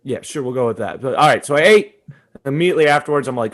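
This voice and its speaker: A young man co-hosting a podcast, telling a story in casual chat, animated and profane, laughing often. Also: medium pitch, fast. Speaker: podcast co-host.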